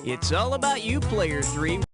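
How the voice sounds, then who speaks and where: Over loud background music, a man with a high voice hosts a quiz game in a snarky, mocking manner. He speaks at a measured pace, his pitch swinging widely up and down as he teases the players.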